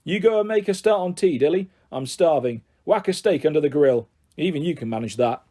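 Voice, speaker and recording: A man's voice: a little high, lively intonation, fairly quick, warm tone. A man voicing a bullying middle-aged father who coaxes and sneers in a taunting, menacing way. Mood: coaxing. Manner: taunting, mock-jovial then harsh.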